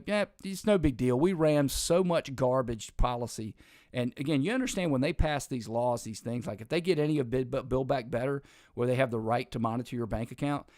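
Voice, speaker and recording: A man delivers opinionated political commentary as a show host. He talks emphatically and rambles, often restarting his sentences and tossing in sarcastic asides. His voice has a middling pitch and sounds dry and close, with no room around it. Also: darkish tone, no room sound.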